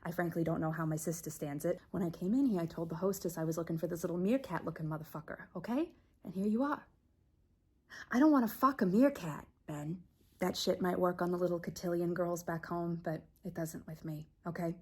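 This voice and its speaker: A woman acting out a sharp-tongued married woman from a crime family in an improvised comedy scene, condescending and mock-sweet, dropping into low menacing whispers. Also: fairly quick, slightly rough. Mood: coldly menacing.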